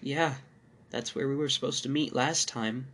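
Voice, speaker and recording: A man voicing a nervous, defensive male lover, a little higher than his own voice. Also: moderate pace, fairly bright tone, close to an everyday voice. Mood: hurried.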